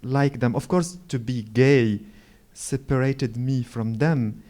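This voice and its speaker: A man in his forties from Morocco, first language Moroccan Arabic, speaks slowly at a literary event, where as an author he offers reflective stories on stage. His voice is medium-pitched, steady and mellow, with many pauses, restarts and searches for words.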